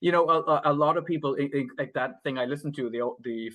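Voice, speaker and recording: A man's voice: a little high, fast talker, fairly bright tone. A man co-hosting a podcast, talking casually about films, rambling with many fillers and restarts and laughing often. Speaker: podcast co-host. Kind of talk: casual film review chat.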